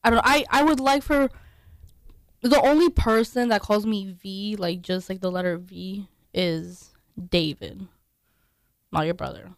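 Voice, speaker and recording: A woman co-hosting a relaxed conversation, in a mid-range voice. She talks hesitantly, with frequent ums and restarts, recorded on a dry, close mic. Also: medium pitch, unhurried, no echo. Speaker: podcast co-host. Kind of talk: casual chat.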